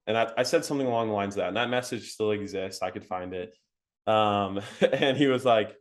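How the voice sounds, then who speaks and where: A young man talks through his story in a relaxed interview, his voice sitting low. He is animated and laughs often, peppering his speech with "like" and "um". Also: fairly quick. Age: young adult. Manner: animated, laughing, frequent fillers like "like" and "um". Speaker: interview guest.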